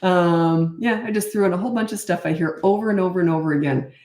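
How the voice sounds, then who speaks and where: A middle-aged woman parenting coach chatting casually through viewer questions, animated, with quick asides. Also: lowish voice. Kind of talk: casual Q&A talk. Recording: roomy echo.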